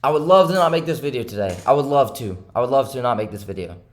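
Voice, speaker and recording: A man's voice: mid-range voice, animated, fast. Frustrated young man venting to camera. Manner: repetitive, keeps asking "right?", swings between heated and subdued. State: frustrated and upset. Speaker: day trader and channel host. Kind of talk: frustrated self-talk to camera.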